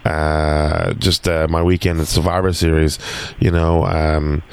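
A man's voice: extremely low pitch, flat delivery, measured pace, clean tone. A man hosting a podcast, chatting casually and rambling with many fillers and restarts. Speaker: podcast host. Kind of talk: casual chat.

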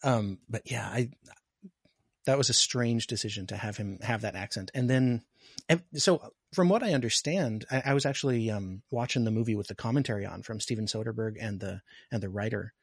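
A man's voice: lowish voice, brisk, gravelly, slightly rough, no room sound, studio quality. A man in a casual film discussion, talkative and explaining at length.

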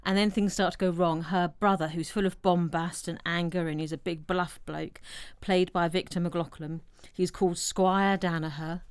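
A woman talks through a classic film in a relaxed podcast chat, her voice smooth and clear and set a little low. She tells the story with lively, animated turns. The sound is dry and close. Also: moderate pace, few pauses, no echo. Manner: animated storytelling, acts out quotes. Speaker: podcast co-host. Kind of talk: casual film discussion.

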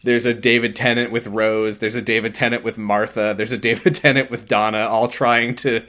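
A man's voice: medium pitch, level tone, a little fast, a bit bright. A man co-hosting a casual podcast, laughing often and acting out quoted lines in funny voices. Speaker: podcast co-host. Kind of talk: casual chat recapping a TV episode.

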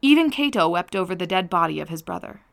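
A woman reading the part of a gentle, sympathetic young man consoling a grieving friend, in a tender, consoling manner. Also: on the low side, expressive, fast, vocal fry.

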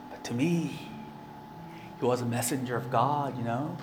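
A man's voice: medium pitch, normal speed, noisy background. Man preaching in an echoey room. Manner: earnest, conversational preaching with fillers. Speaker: pastor. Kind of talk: sermon.

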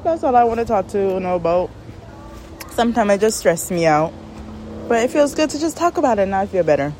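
A woman hosting a podcast, rambling and venting in a casual monologue with animated asides, recorded outdoors in the shade on a phone. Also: medium pitch, brisk, background noise. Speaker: podcast host.

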